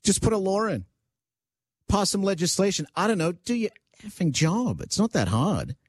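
A man's voice: high voice, sing-song, normal speed, dry recording, studio quality. A male talk radio host chatting casually, teasing callers and ranting wryly. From Canada. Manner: wry, teasing, ranting asides.

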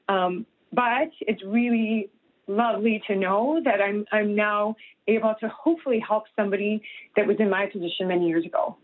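A woman's voice: medium pitch, moderate pace. Earnest woman on a tinny phone line. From Canada. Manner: earnest, emotional, many restarts and fillers. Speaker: guest, nutritionist and health coach. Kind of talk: broadcast interview over a phone line.

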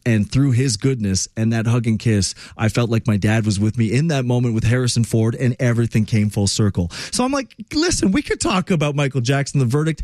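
A man's voice: mid-range voice, darkish tone, dry recording, clean studio sound. A man hosting a talk radio show, telling a story in a chatty, emphatic monologue.

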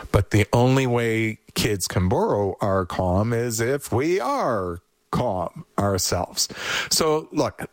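A parenting expert guest gives advice in an easygoing, conversational way, his medium-pitched voice recorded without echo. He's animated, now and then slipping into quick voices to act out worried parents and children.

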